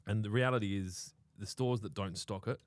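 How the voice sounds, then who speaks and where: A man's voice: on the low side, moderate pace, dry recording. An Australian man co-hosting a live lawn-care show, chatting casually with crude humour and frequent laughter. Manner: laughs through his stories, crude banter. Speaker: podcast co-host.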